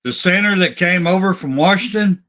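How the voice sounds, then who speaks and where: A man's voice: high voice, normal speed, pushed and bright. A man hosting a casual sports talk show, opinionated and emphatic, often restarting his sentences.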